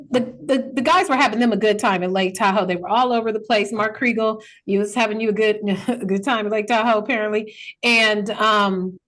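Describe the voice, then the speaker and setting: Playful woman co-host, mid-pitched voice. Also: fairly bright tone. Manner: playful, joking, colloquial. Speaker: boxing show co-host. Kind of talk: casual chat.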